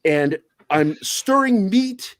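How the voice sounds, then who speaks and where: Animated, foul-mouthed man telling stories. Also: sits high, slow pace, no room sound. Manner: animated, profane, self-mocking. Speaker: podcast guest. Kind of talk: casual storytelling chat.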